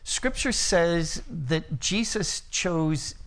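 A man's voice: fairly high pitch, lively intonation, extremely slow, fairly bright tone. A middle-aged man preaching a sermon, plain-spoken, who illustrates his point with a long personal story and humorous asides.

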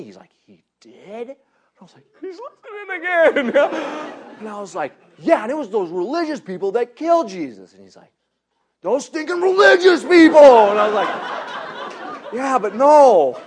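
A man preaching by telling a personal story, animated, laughing often and acting out the people in it. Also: on the high side. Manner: animated, laughs often, acts out others in quotes. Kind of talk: storytelling sermon.

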